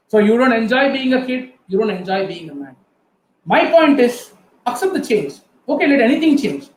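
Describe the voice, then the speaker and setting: Middle-aged Indian English man as a motivational guest speaker, earnest, talks straight to the crowd, high voice. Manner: earnest storytelling, addresses the audience directly. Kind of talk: motivational talk. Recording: echoey room with faint ambience.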